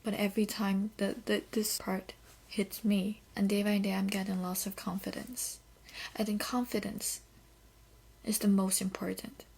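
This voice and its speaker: Gravelly-voiced woman with a Korean accent. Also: mid-range voice, little pitch movement, a little slow, a little mellow. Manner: candid, reflective, often starts with "so". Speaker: podcast host. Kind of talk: casual solo podcast talk.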